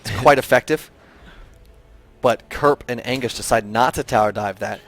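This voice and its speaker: A tired man giving play-by-play esports commentary, getting excitable and high in big plays. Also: normal speed.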